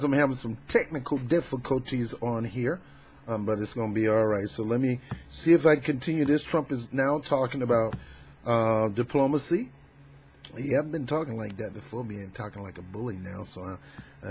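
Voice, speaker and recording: A man doing a casual political commentary vlog, talking in a fervent, preachy, colloquial way with loud emphatic outbursts. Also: lowish voice, a little hiss or hum. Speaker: YouTube commentator.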